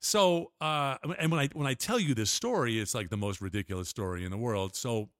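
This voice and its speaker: An older man appears as a guest on an interview show, telling rambling stories with restarts and laughs in a casual storytelling style. His mid-range voice is fairly bright, a little fast, and lively in intonation. The studio-quality recording has no echo.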